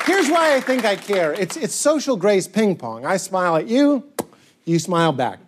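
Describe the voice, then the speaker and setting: A man performing stand-up comedy on stage, animated and goofy, breaking into shouted bits. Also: high voice, normal speed, a loud crowd, very noisy. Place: comedy stage before a live audience. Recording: live audience laughter.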